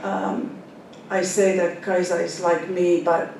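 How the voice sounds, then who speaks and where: A woman in her seventies with a Finnish accent, a Finnish speaker, reading her own novel aloud in an unhurried way with soft fillers, then talking about her characters. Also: little pitch movement, gravelly. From Finland. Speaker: author. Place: library event hall. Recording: echoey hall, speaker far from the mic, faint rumble.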